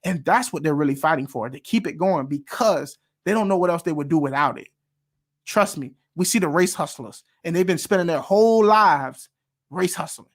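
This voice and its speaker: Animated man, fairly high voice. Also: brisk. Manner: animated, preacher-like call and response; emphatic, repeats phrases for stress. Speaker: reaction video host. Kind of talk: casual commentary.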